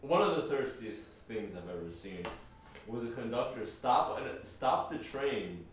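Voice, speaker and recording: A man's voice: medium pitch, big pitch swings, measured pace, distant mic, slight background noise. A man co-hosting a casual podcast, telling a short anecdote. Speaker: podcast co-host. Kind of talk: casual chat. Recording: echoey room from off mic, faint ambience.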